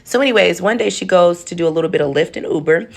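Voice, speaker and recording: A woman's voice: on the low side, fast, a little mellow. A woman telling a story in a casual vlog, chatty and talking to her viewers like family, acting out the people in her story. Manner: acts out the people in her story in different voices. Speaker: storytelling content creator.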